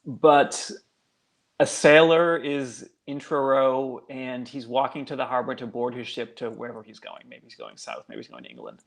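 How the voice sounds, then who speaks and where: A man's voice: medium pitch, lively intonation, moderate pace, vocal fry. A male guest author telling a local legend in a casual, chatty way, full of fillers. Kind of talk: casual storytelling.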